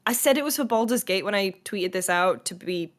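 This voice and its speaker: Woman co-host; chatty, lively, ranting with a smile. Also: medium pitch, a little fast. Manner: chatty, animated, cheerfully ranting. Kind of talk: casual chat.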